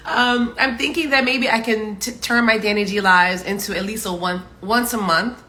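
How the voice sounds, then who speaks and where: Bright-voiced woman hosting a chatty livestream. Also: lowish voice. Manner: chatty and upbeat, laughs often, drops into slang. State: morning voice. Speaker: livestream host. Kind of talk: casual live chat greeting viewers.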